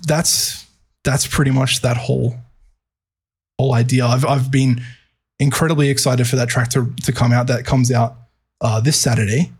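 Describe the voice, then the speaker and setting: A man's voice: mid-range voice, fairly even intonation, normal speed, a little mellow, slightly rough. A man, a music producer, chatting casually on a podcast with a hesitant manner, repeating words and using many fillers.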